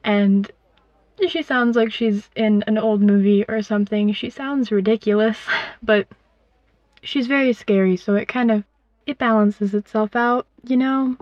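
A woman's voice: mid-range voice, fairly even intonation, measured pace, a little mellow, no room sound, dull audio. A woman telling a first-person story in a wry, rambling, conversational way. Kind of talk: first-person fiction narration.

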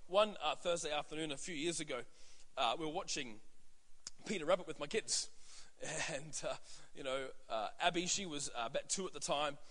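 Pastor, thirties, male; bright, easygoing preaching voice with a long reverb. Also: a little high, moderate pace. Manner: conversational, many fillers and asides. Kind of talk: sermon.

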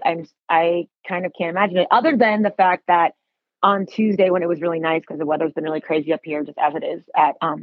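A woman's voice: low-pitched, dry recording. A woman photographer guest in a casual podcast interview, rambling, correcting herself and laughing as she talks, in a lodge bar booth. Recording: tinny, phone-like dry sound.

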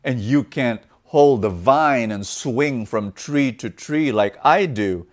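A man voicing a rude monkey who brushes someone off with loud, drawn-out words. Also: medium pitch, close to an everyday voice. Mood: dismissive. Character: rude dismissive tree monkey.

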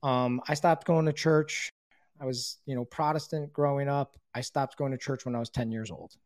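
A man's voice: medium pitch, fairly even intonation, moderate pace, a little mellow, no echo, clean studio sound. Blunt, swearing man telling his story. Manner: blunt, swears often, acts out quoted dialogue. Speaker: podcast guest telling his recovery story. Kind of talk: casual storytelling.

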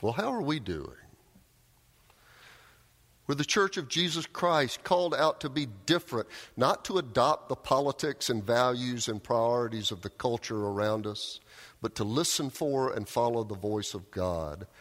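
A man preaching a sermon, telling a story with raised cries and quiet, low emphasis. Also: animated, normal speed. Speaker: pastor. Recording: long hall reverb.

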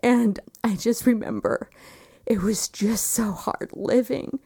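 A woman in her thirties, earnest and reflective, telling a personal story in conversation and often dropping quiet. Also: fairly high pitch, takes it slowly, gravelly, breathy edge. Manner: earnest and reflective, quiet moments with soft laughs.

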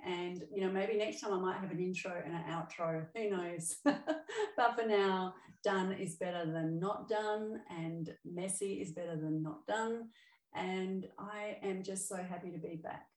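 A woman's voice: mid-range voice, fairly even intonation, moderate pace, darkish tone, reverberant, distant mic, poor audio. A middle-aged woman hosting her own podcast as an emotional balance coach, talking in a chatty, upbeat way with fillers and self-corrections. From Australia. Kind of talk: solo podcast monologue.

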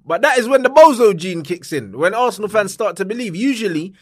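A man's voice: high-pitched, animated, a little fast, no room sound, studio quality. A young man trading blunt, mocking football banter on a podcast. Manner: blunt, mocking, slang-heavy. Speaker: podcast co-host.

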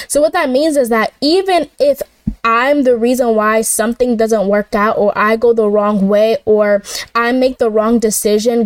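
A woman's voice: on the high side, no room sound. Chatty young woman telling a faith story. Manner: chatty storyteller, says "y'all" and "like" a lot. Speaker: podcast host. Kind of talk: casual faith podcast monologue. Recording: dry, slightly distant mic.

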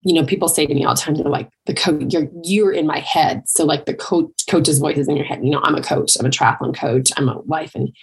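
Middle-aged woman coach, low husky voice with some fry, chatty motivational talk. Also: steady tone, quick pace, few pauses. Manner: conversational, with many "like" and "right?" asides. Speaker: triathlon and life coach. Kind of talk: motivational monologue.

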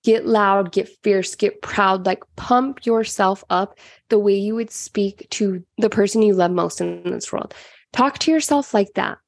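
A woman in her twenties or thirties talks in a motivational self-help style, energetic and chatty, with frequent "like" fillers. Her voice sits at a middle pitch. The recording is dry and close, with no room sound. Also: measured pace, no room sound. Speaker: podcast host.

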